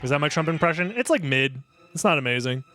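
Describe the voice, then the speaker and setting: A young male streamer chats casually while playing a game, rambling, joking and mocking himself, with the odd swear word. His voice sits high and swings lively up and down. Faint music runs underneath. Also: fast talker. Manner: rambling, joking, self-deprecating, swears freely. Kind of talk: casual commentary while gaming.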